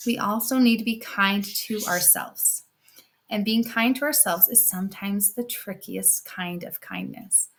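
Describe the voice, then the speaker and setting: Slow, expressive woman telling a fairy tale. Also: mid-range voice. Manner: expressive, casual storytelling with many fillers. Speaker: podcast host.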